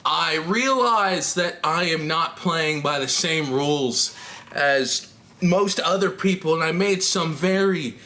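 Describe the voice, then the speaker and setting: A woman's voice: lowish voice, bright, forceful tone, a little hiss or hum. A trans woman vlogging to camera in a candid, rambling chat, laughing often and swearing casually.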